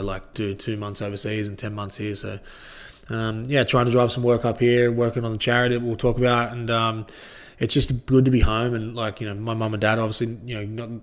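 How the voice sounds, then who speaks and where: A man's voice: on the low side, smooth. A man in his thirties with an Australian accent, chatting as a podcast guest in a laid-back, rambling way and swearing freely. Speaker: guest, former rugby league player. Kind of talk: casual podcast chat.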